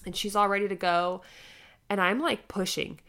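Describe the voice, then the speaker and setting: A young woman chatting as a podcast co-host, her voice sitting in an ordinary middle range. She tells a story with energy and acts out what people said, jumping up into higher, louder tones for the quoted lines. It is relaxed, casual talk between friends. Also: normal speed, clean tone. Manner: animated storytelling, acting out quoted lines in a raised voice. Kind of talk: casual chat.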